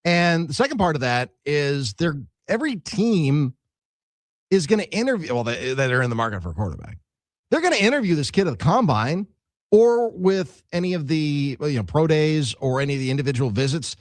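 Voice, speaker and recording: Animated sports radio co-host, dry studio. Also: male voice, on the high side, no room sound. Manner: animated, joking, halting restarts. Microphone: studio mic.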